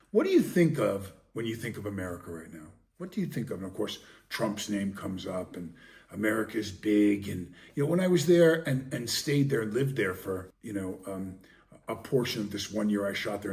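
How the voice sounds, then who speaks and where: A man's voice: on the low side, darkish tone, recorded from a distance. A man talking casually as a podcast host, rambling with many ums and restarts. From Long Island, New York.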